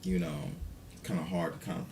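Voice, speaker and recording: A man's voice: sits low, flat delivery, a little fast, darkish tone, slight background noise. A man co-hosting a casual podcast chat, laid-back and slangy, mumbling and swearing offhandedly. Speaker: podcast co-host.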